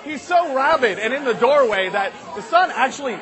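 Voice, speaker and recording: A man with a very high voice spins a long, rambling comic tale, stopping to correct himself mid-sentence. The crowd in the large hall murmurs along throughout. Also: moderate pace. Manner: rambling, self-correcting, animated. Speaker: comedian. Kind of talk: live comedic storytelling.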